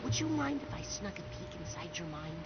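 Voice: medium pitch, sing-song, brisk. A performer voicing a curious young psychic who asks blunt questions in video game dialogue. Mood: earnest. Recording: dull game audio with music.

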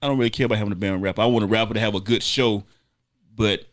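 A man co-hosting a podcast in casual chat, opinionated and quick to laugh. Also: on the low side, fairly even intonation. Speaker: podcast host.

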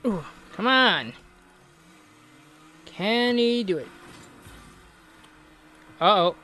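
An Australian man hosting a gaming channel, giving excitable mock sports commentary on his own match and cheering loudly. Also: high-pitched, measured pace, long pauses. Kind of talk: self-commentary while playing a video game.

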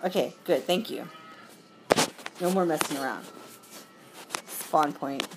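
A woman chatting casually as she plays a mobile game, giggly and quick to apologize. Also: deep voice, loud music behind the voice. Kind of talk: casual gameplay commentary.

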